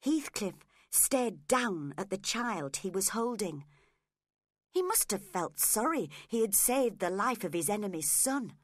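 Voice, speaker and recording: A woman narrating a classic story in a slow, clear reading for English learners. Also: mid-range voice, no echo, clean studio sound. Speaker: narrator of a graded English reader.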